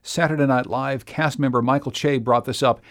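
A man's voice: mid-range voice, fairly even intonation, moderate pace, fairly bright tone. A man reading scripted radio segment links as host.

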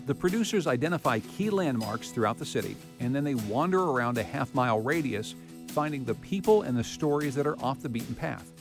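Male public radio host, mid-pitched, smooth scripted reads, faint music underneath. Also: expressive, brisk. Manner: polished, scripted delivery.

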